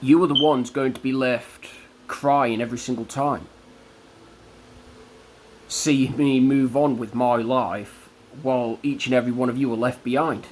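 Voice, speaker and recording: Slow, combative man ranting defiantly. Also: medium pitch, fairly even intonation, a little hiss or hum. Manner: slow, deliberate, combative, drawn-out emphasis. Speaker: vlogger. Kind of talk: defiant religious rant to camera.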